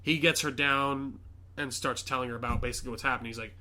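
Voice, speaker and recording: A man hosting a podcast, chatting casually and excitedly retelling a movie with lots of fillers. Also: mid-range voice, brisk. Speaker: podcast host. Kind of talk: casual chat.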